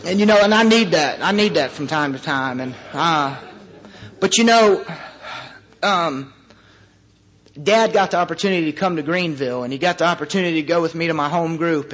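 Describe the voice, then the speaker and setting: A man in his thirties tells his personal recovery story to a meeting, his voice sitting a little high for a man. He talks in an earnest, halting way, pausing often between phrases. Now and then he slips in a wry joke at his own expense. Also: fairly bright tone. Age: 30s. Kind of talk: personal recovery story shared before a group. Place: meeting room before a live audience.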